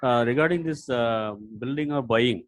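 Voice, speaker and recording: A man joining a webinar to ask a question, polite and hesitant, with many "uh" pauses, calling the speaker sir. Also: medium pitch, dry recording, rough recording. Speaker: webinar participant asking a question.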